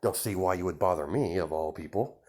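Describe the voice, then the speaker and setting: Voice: deep voice, a little fast, a little mellow. A reader putting on the voice of a young woman, a fawning and sweetly menacing sister, for an improvised fan story read-aloud.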